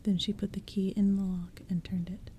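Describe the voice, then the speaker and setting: A woman reading a storybook aloud as whispered role-play, in a soft, hushed, mostly unvoiced whisper, with faint rain behind her. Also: mid-range voice, little pitch movement, moderate pace, a little hiss or hum. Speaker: ASMR audiobook reader. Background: soft rain and thunder.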